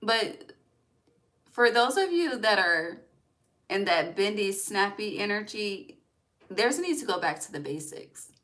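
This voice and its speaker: A young woman talks through a spiritual card reading in a loose, casual way. She gets emotional and near tears at times, swears freely, and keeps checking in with her listeners. Her pitch sits in the middle of the range. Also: very animated, unhurried, long pauses, a bit bright. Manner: emotional, swearing, fills with okay and all right. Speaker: tarot reader.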